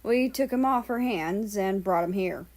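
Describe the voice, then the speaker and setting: A woman's voice: medium pitch, a little slow, darkish tone, lightly acted. A woman voicing a male animal shelter worker, speaking politely and matter-of-factly in a read-aloud story.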